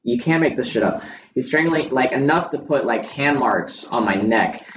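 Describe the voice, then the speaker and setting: A man's voice: medium pitch, expressive, normal speed, a bit bright, slight background noise. Young man telling candid stories, roomy sound. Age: young adult. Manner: candid storytelling, swears freely. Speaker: guest photographer. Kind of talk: casual podcast chat. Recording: roomy, distant, dull lo-fi sound.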